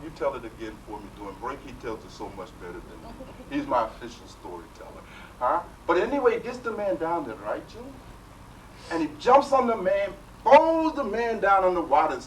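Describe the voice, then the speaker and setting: A man leading a spiritual workshop, telling stories animatedly and tossing in rhetorical questions, recorded from a distant mic in a noisy room. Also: a little high. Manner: animated storytelling with rhetorical "right?". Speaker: spiritual teacher.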